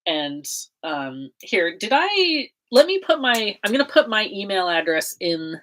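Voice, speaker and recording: A woman's voice: medium pitch, sing-song, measured pace, fairly bright tone, a little hiss or hum. A young American woman chatting casually on a livestream, bubbly and giggly, full of fillers and laughter. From United States. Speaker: livestream host.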